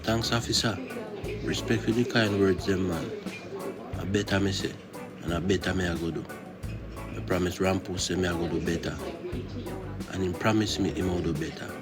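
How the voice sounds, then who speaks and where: A man doing a deep-voiced grateful ex-con. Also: steady tone, loud music behind the voice, natural voice. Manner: grateful, rapid creole English. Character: released male ex-convict, grateful and reformed. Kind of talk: cartoon voice acting.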